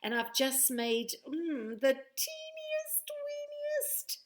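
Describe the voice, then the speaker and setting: A woman voicing a clumsy, excitable little girl witch in a storybook, with squeaky exclaiming lines. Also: drawn-out words, exaggerated voice. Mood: excited.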